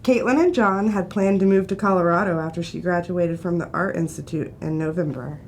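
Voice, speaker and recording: A woman giving scripted documentary narration in a measured, even reading. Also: on the low side, slight background noise.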